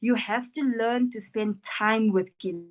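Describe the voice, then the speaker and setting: A woman's voice: fairly high pitch, takes it slowly, poor audio. A woman, a life coach, earnestly answering interview questions about parenting and acting out what parents and children say. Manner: earnest, animated, acts out quoted parents and children. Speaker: NLP practitioner and life coach.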